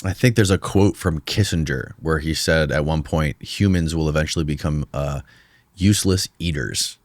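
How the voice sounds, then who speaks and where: Very deep-voiced male podcast host. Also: moderate pace, no room sound. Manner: relaxed, frequent backchannel murmurs. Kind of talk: casual interview chat.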